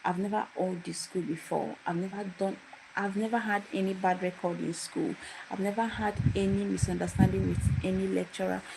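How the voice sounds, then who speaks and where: A young woman tells a personal story on a casual livestream. She talks emphatically and repeats her phrases for emphasis. Her voice sits in a middling register and comes through loud background noise with scattered clicks. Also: mid-range voice, creaky. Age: young adult.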